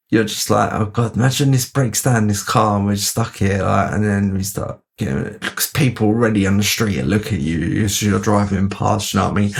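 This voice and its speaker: A man telling a rambling, casual anecdote, jumping pitch when he quotes his friends. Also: creaky. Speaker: podcast host. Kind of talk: casual storytelling.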